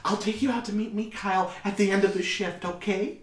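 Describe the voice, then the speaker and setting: A man voicing a fussy, motherly older woman who chatters in a high, fluttery voice. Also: steady tone, brisk, echoey room, close to an everyday voice. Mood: fussing.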